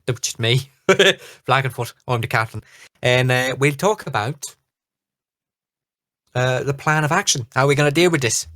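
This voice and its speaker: A man voicing a boisterous, rambling ship captain who talks loudly and jovially. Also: medium pitch, moderate pace, no echo, clean studio sound, natural voice. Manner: loud, jovial, rambling, hesitant.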